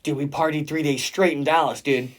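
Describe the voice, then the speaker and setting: A man's voice: on the high side, fairly even intonation, a little fast. A man in casual podcast chat, animatedly telling a story with frequent swearing and laughter.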